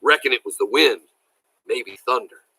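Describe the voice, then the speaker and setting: A man's voice: medium pitch, normal speed, pushed and bright, breathy edge, no echo, rough recording. A man voicing a good-humored, folksy older country judge in a read-aloud story. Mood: easygoing.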